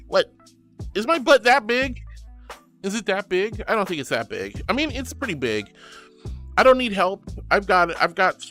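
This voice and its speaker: A man's voice: high voice, very animated, moderate pace, pushed and bright, soft background music. A man streaming as a VTuber, reading chat aloud and greeting viewers in an affectionate, bubbly way, calling them sweetie and honey.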